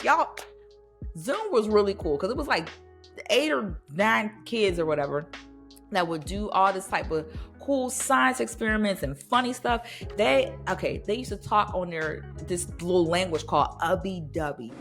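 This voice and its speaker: Here the thirtysomething podcast host speaks in a mid-range voice, animated and a bit bright, at a moderate pace over faint background music. She keeps the nostalgic chat casual, laughing and frequently putting on playful voices.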